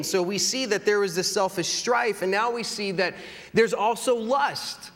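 A man's voice: high-pitched, a little slow, fairly bright tone. A man in his thirties preaching a sermon in a conversational, earnest way, with self-deprecating humor. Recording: long hall reverb.

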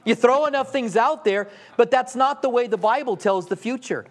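A man's voice: very high voice, moderate pace, a little hiss or hum. A man preaching a sermon in a conversational way, asking the congregation rhetorical questions and acting out quoted voices. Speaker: pastor.

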